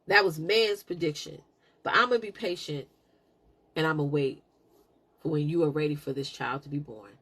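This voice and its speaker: A middle-aged woman hosting a live stream, telling a personal story in a casual, animated, preaching way. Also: deep voice, moderate pace, long pauses, husky. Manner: animated, preachy, laughs a lot.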